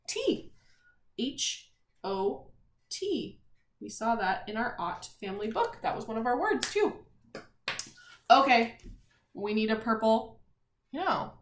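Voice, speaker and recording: A woman teacher leading a reading and spelling lesson for young children, sounding out letters and words in a clear, encouraging way. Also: mid-range voice, reverberant.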